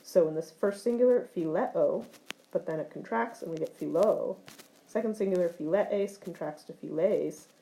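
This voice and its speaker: Woman teacher going thru greek verb forms, lowish mellow voice, steady and methodical. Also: moderate pace, rough recording. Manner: clear, methodical explaining with occasional fillers. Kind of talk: recorded grammar lecture.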